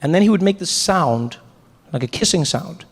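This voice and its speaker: Animated stand-up comedian man. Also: normal speed, vocal fry, slightly rough, long reverb tail. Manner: animated, many self-interruptions, jumps into high voices. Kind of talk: stand-up storytelling.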